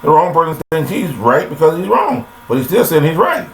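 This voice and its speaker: A man's voice: on the high side, sing-song, a little fast, slight background noise, low-quality recording. An older man delivering a rambling, folksy philosophical monologue to listeners, recorded on a laptop webcam. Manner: folksy and preachy, addresses listeners directly. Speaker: vlogger.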